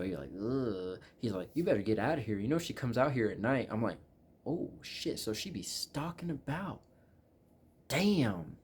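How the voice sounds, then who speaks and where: A man's voice: on the low side, darkish tone, a little hiss or hum. A man giving a rambling, casual spoiler recap of a movie, swearing often and restarting his sentences. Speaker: movie reviewer.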